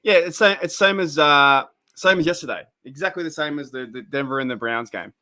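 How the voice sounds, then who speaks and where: Excitable Australian man chatting. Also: fairly high pitch, brisk. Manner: rambling, excitable, reacts to game play. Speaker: sports stream host. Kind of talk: casual live reaction chat.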